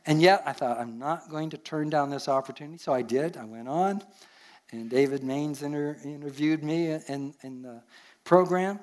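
A man's voice: on the high side, moderate pace, a little mellow. An older man with a Canadian accent, a pastor preaching a sermon and telling stories from his life in an earnest way, chuckling at himself now and then.

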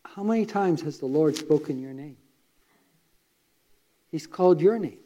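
A man's voice: fairly high pitch, animated, measured pace, mellow. A man preaching a sermon, retelling a story in a conversational way with asides to listeners.

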